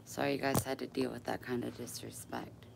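A woman's voice: very deep voice, little pitch movement, a little fast, vocal fry, a little mellow, slight background noise. An older woman hosting a sewing livestream, chatting casually with viewers in a blunt, joking, sassy way.

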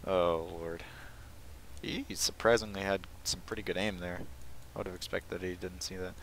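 A man's voice: sits low, steady tone, normal speed, a bit bright, slight background noise, poor audio. A young man giving casual, sarcastic commentary while playing a shooter game, often exasperated and mocking himself. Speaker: gaming commentator.

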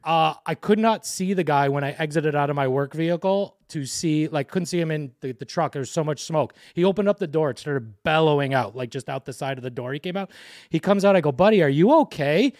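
A man's voice: on the high side, fairly quick, dry recording, clean studio sound. A man co-hosting a podcast, telling a story in casual chat and swearing freely. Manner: animated storyteller, swears a lot. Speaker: podcast co-host.

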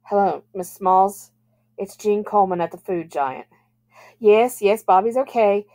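Brief: female reader doing a calm middle-aged manager, reassuring and steady. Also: medium pitch, unhurried, voice pushed up, close to an everyday voice.

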